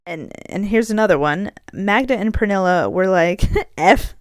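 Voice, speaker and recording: A woman's voice: mid-range voice, moderate pace, no room sound, studio quality. A woman co-hosting a casual chat show, gushing and laughing often. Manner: giggly, gushing. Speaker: co-host.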